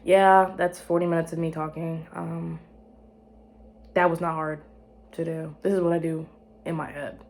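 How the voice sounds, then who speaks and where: Rambling playful young woman, lowish voice. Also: flat delivery, normal speed, pauses often, darkish tone. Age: young adult. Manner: playful, self-mocking, repeats phrases. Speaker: student vlogger. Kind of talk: casual rambling monologue. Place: her room.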